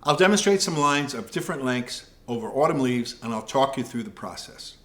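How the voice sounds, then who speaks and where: A man teaching jazz piano improvisation, explaining in a calm, measured way. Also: medium pitch. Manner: calm, measured explaining with scat syllables and counting. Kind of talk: music lesson explanation.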